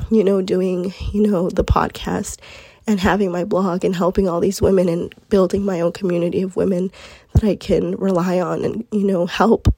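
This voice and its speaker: A woman's voice: on the low side, warm tone, breathy edge, dry recording. A young woman hosting a casual solo podcast, earnest and chatty, her voice groggy as if she's sick. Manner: earnest, chatty, lots of fillers. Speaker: podcast host.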